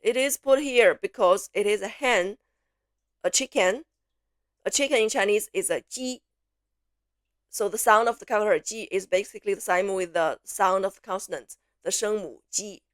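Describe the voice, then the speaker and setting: A woman teaching pronunciation, slowly repeating syllables and words for learners to copy, switching between English explanations and drills. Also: mid-range voice, dry recording, clean studio sound. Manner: slow, clear repetition, drawn-out syllables for learners. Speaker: Mandarin teacher.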